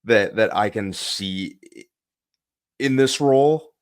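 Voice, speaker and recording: A man co-hosting a live show, speaking in a measured way with some hesitant fillers. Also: on the low side, clear, resonant tone. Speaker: podcast co-host. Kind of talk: casual live-stream chat.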